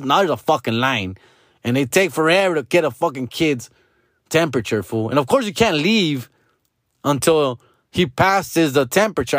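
A man's voice: mid-range voice, no room sound, studio quality. A young man rants in a profane, exasperated stand-up style. He is full of slang and constant swearing. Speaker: comedian. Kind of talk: profane Spanglish stand-up rant.

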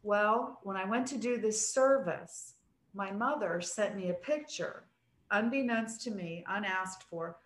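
A woman in her sixties, a preacher, telling stories in a casual chat in an earnest, emphatic way. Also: medium pitch. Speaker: preacher and podcast guest. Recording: roomy echo.

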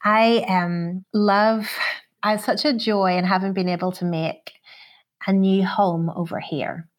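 A woman in her forties from Belfast with a Northern Irish accent, a singer-songwriter talking in a casual podcast interview, reflective and quick to laugh. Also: mid-range voice, fairly even intonation. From Northern Ireland. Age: 40s. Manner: warm, reflective, laughs often.

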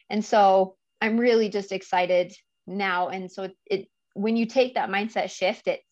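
Heard through a dry, muffled recording, this medium-pitched woman is a business coach for mothers appearing as an interview guest. The conversation is relaxed, and she comes across as sincere and emotional, frequently breaking into laughter mid-sentence.

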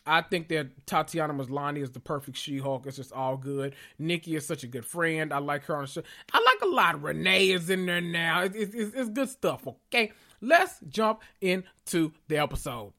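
A man hosting a casual podcast, excitable and swearing freely as he calls out to listeners, a little out of breath and sweating after a big meal. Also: a little high, normal speed, hardly any pauses. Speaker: podcast host. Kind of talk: casual pop-culture recap podcast.

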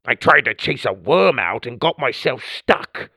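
A man voicing a huge, lazy male mole stuck in a tunnel, talking in a low, muffled, apologetic way. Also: lively intonation, a little slow, gravelly, pushed and bright, breathy edge, no echo, full character voice. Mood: sheepish.

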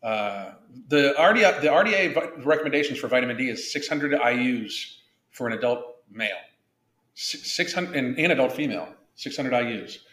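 A man's voice: mid-range voice, lively intonation, normal speed, a bit bright, reverberant. A man hosting a casual podcast, blunt and profane, rambling with frequent restarts. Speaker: podcast host.

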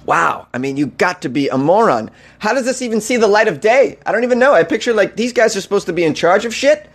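A male comedy news host riffs on odd headlines in a mocking, incredulous way. He laughs often between lines, and his voice sits a little higher than most men's. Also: expressive, fast, fairly bright tone.

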